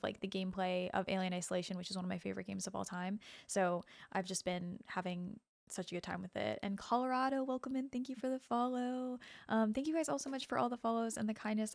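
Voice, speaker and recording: A woman's voice: medium pitch, vocal fry, dry recording. A woman variety streamer chatting casually with viewers over a game, thanking them and rambling in asides. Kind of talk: casual live-stream chat over gameplay.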